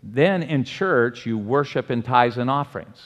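A man preaching a sermon as pastor. He swings from loud exclamations to quiet asides and has the congregation repeat phrases back to him. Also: medium pitch, lively intonation, unhurried, dull audio. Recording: long hall reverb.

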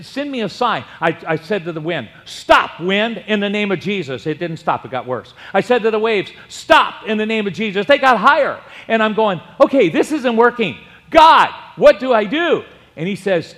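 High-voiced man preaching a sermon. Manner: storytelling, rising to loud exclamations. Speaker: pastor.

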